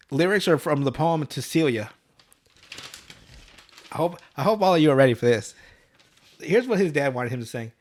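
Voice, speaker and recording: A man's voice: a little high, expressive, moderate pace, pauses often. A young man hosting a podcast, casually retelling a cartoon episode with lots of swearing and laughter, jumping into raised voices for the characters' lines. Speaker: podcast host. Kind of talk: casual podcast recap, profane.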